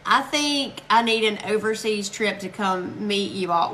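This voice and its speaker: A woman's voice: mid-range voice, animated, measured pace, a bit bright, a little hiss or hum. A woman from Alabama with a Southern accent, chatting casually with viewers while she crafts on a live stream, laughing often and reading out their comments. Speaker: crafting livestream host.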